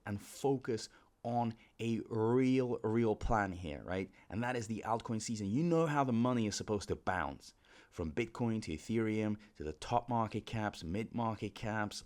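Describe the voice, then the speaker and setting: A man's voice: fairly low pitch, a little mellow. A man hosting a crypto commentary video, urgent and persuasive, repeating himself and drawing out the words he stresses. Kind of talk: casual commentary to camera.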